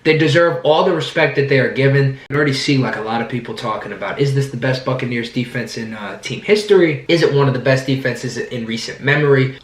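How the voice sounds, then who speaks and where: A man with a hoarse voice, hosting his own channel and rambling excitedly about his team. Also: mid-range voice, reverberant. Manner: rambling, excited, restarts sentences often. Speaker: sports fan channel host. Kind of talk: casual sports vlog commentary. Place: indoor room, sitting down.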